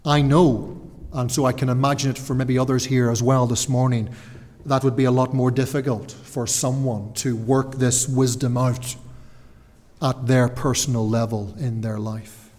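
A man preaching a sermon, earnest and slowing down to stress key words. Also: medium pitch, level tone, darkish tone. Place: church. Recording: church hall reverb.

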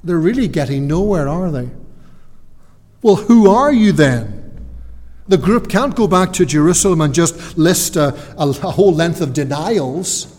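A man preaching a sermon in a church, earnest and emphatic, with deliberate pauses. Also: a little high, lively intonation, darkish tone, in a large hall.

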